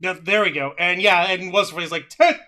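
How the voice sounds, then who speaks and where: A man co-hosting a wrestling review podcast, ranting loudly with plenty of profanity. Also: high-pitched, steady tone, brisk. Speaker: co-host. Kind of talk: casual wrestling review chat.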